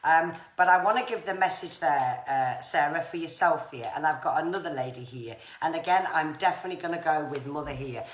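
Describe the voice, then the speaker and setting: A low-pitched woman relays messages from spirit to viewers of her live stream. She talks in a chatty, reassuring way and keeps using the viewers' names. Her voice sits in an echoey room with faint background noise. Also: a little fast, few pauses. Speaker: psychic medium.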